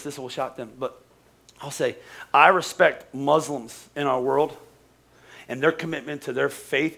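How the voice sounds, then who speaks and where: An American pastor preaching a sermon in an animated, joking way, with quick restarts. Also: male voice, a little high, creaky. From United States. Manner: animated, joking, talks fast with frequent restarts.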